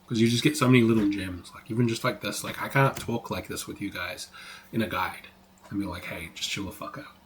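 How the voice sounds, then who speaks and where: A man's voice: fairly low pitch, steady tone, brisk, slight background noise. A man teaching trading on a live stream, talking casually, swearing freely and saying "like" a lot. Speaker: trading educator.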